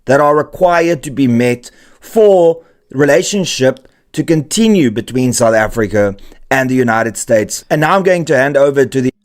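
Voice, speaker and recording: A man co-hosting a radio podcast, introducing clips in a plain and steady voice. His pitch sits mid-range. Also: normal speed.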